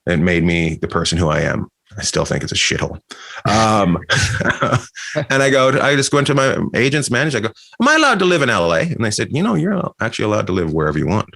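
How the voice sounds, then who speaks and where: A man from Canada, a comedian guest, telling animated anecdotes in a casual chat, laughing and restarting often. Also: lowish voice, fast talker, creaky.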